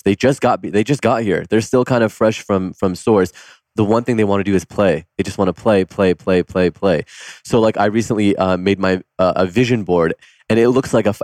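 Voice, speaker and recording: A man's voice: on the low side, a little mellow, dry recording. A man hosting a casual conversation, telling personal stories openly and laughing often. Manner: open, laughs often, storytelling. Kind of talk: casual chat.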